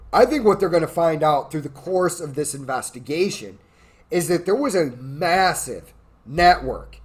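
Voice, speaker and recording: A tipsy man ranting in a crude, rambling, profane way as host of his own show. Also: on the high side. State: drunk. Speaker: podcast host. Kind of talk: drunken political rant.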